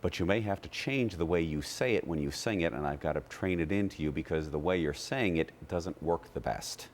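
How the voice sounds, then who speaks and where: A man with an extremely deep voice explains singing technique as a TV guest, stopping now and then to demonstrate vowels. His speech is steady and explanatory. A faint hiss of noise sits under the recording. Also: fairly quick. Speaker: voice teacher. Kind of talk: TV interview, explaining with sung demos.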